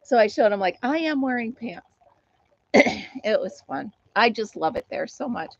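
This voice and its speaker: Reading viewer comments on her casual live stream, a middle-aged American woman tells a funny story and laughs a lot. She has a gravelly, mid-range voice with lively intonation and a moderate pace, recorded without echo and with the highs cut off.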